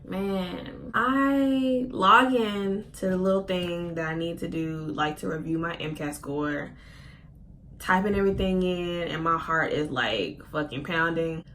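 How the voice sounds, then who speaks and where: A woman's voice: unhurried, a little hiss or hum. A woman in her twenties telling a story on her vlog, casual and profane, acting out her own quoted words, at times close to tears. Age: 20s. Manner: casual, profane, expressive with slang; acts out her own quoted lines with big pitch jumps. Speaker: vlogger.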